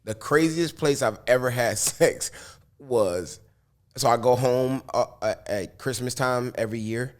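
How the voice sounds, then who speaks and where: A man's voice: medium pitch, measured pace. A man chatting as a guest on an interview show, laid-back and joking, often laughing. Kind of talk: casual interview chat.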